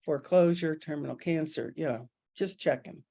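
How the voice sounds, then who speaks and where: A woman's voice: deep voice, moderate pace, gravelly, warm tone. A middle-aged woman giving a casual spiritual talk, candid and self-mocking, telling stories from her own life and laughing often. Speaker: spiritual teacher.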